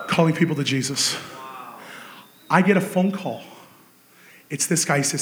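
A man with a high voice preaches in an echoey church hall. He tells his story with animated energy, swinging between excited shouts and hushed, intense stretches. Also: unhurried, pauses often. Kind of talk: sermon.

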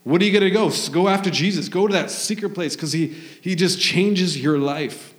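Male pastor, fervent and rambling; somewhat high voice, roomy church sound. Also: moderate pace. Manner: fervent, rambling, acts out quoted voices in a higher pitch. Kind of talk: sermon with prophetic prayer. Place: church hall.

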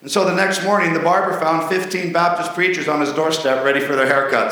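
Bright-voiced pastor telling jokes in an echoey hall. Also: male voice, a little high, fairly even intonation, a little fast, hardly any pauses, distant mic, a little hiss or hum. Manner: folksy, joking storyteller. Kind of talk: sermon with jokes. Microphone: mic on a stand, then handheld.

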